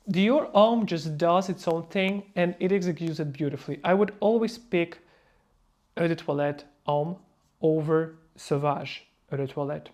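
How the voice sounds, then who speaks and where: A man speaking non-native English in a casual review vlog, emphatic and playfully mocking, slipping into quick mock voices. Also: sits high, steady tone, darkish tone. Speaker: fragrance reviewer.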